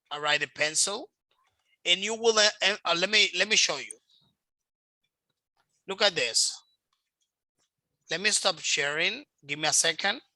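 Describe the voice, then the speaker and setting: Bright, patient man teaching online. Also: high-pitched, no room sound. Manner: patient, repeats himself, models word stress. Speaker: English teacher. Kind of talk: online one-on-one English lesson. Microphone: video call.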